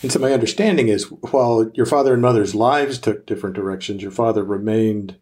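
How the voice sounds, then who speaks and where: A man hosting an interview, asking measured, courteous questions. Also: on the low side, a little mellow. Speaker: interview host.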